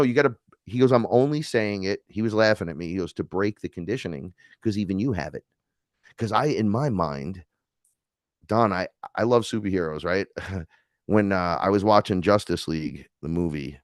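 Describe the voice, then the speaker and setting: Male podcast guest from New York, casual storyteller, low voice, dry close sound, lively quoted voices. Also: dry recording. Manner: animated, acts out quoted voices, swears freely.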